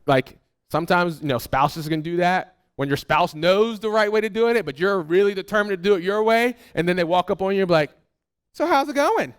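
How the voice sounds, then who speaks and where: A pastor preaches a sermon to his congregation, speaking directly to them in a conversational, animated style and acting out people's replies. His voice is high-pitched, smooth and fairly quick.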